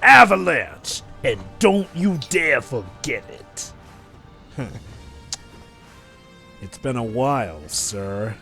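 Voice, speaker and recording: A man voicing a gruff, brooding young male mercenary in a flat, terse, deadpan way during a game playthrough. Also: mid-range voice, extremely slow, pauses often, faint music behind, pitched below the performer's own voice, exaggerated voice.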